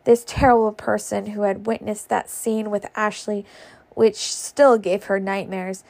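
A woman's voice: mid-range voice, level tone, measured pace, vocal fry, darkish tone. A woman reading a classic novel aloud casually, stumbling over words now and then. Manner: stumbles and laughs at slips. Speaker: reader.

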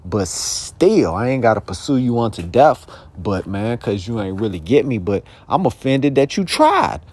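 A man's voice: medium pitch, very animated, moderate pace, breathy edge. Profane young man ranting casually. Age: young adult. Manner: profane, rambling, streetwise slang; heated bursts into shouted questions. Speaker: podcast host. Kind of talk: casual monologue.

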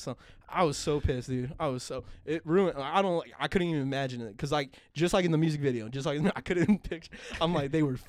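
This man co-hosts a podcast and narrates a story in casual conversation, profane, animated and quick to laugh. His pitch is fairly high and his pace a little fast, captured in a dry, clean studio recording.

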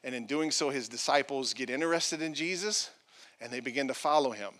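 A man's voice: mid-range voice, fairly quick, fairly bright tone. A male pastor preaching a sermon, reading scripture aloud with playful asides and acted-out quotes.

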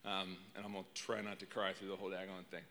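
A man's voice: sits low, completely flat delivery, fast talker, slight background noise. A man, preaching as a guest speaker into a handheld mic, tearful and self-deprecating, rambling as he speaks. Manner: emotional, rambling, self-deprecating, warm to crowd. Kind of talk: sermon opening. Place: church sanctuary before a congregation. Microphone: handheld microphone. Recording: reverberant church hall.

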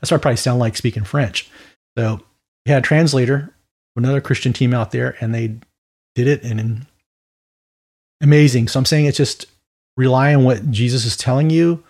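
Gravelly man giving a casual Bible teaching. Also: mid-range voice. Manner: conversational and animated, with quick mock voices and asides. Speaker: preacher.

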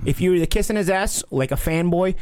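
A man's voice: sits high, quick pace, a little mellow, clean tone. A man hosting a podcast, talking brashly and trash-talking a rival. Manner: brash, taunting trash talk. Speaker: podcast host. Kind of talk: casual podcast chat.

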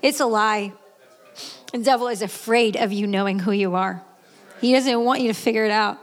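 A woman in her late thirties giving a candid, earnest personal testimony, with restarts and quick laughs. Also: medium pitch. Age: 30s. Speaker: guest speaker. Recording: echoey hall.

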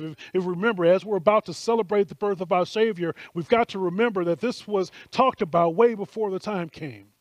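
Earnest male preacher, slightly high voice. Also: no echo, clean studio sound. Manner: earnest, repeats words when stressing a point, acts out bystanders' lines. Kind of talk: sermon.

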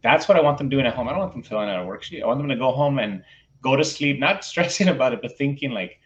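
Fast and lively in intonation, a medium-pitched male voice belongs to a teacher guesting on a podcast. He tells a classroom story animatedly, acting out dialogue with frequent fillers and restarts, and the recording is lo-fi and muffled.

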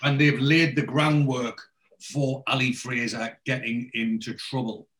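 A man's voice: medium pitch, flat delivery, measured pace, fairly bright tone, poor audio. A man hosting a podcast, recapping an episode in a rambling, hesitant way with plenty of fillers. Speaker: podcast host.

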